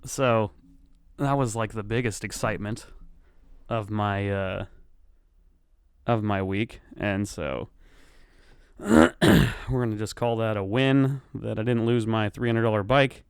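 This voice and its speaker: Low, smooth-voiced man telling a profane story. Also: takes it slowly, long pauses, no echo, clean studio sound. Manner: profane, animated storyteller acting out his own lines. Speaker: podcast host. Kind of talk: casual storytelling.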